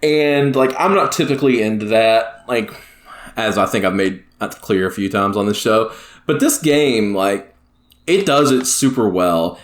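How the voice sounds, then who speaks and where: Man, lowish voice, casual podcast co-host, keen and chatty, roomy echo. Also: animated, unhurried. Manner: enthusiastic, says "like" often.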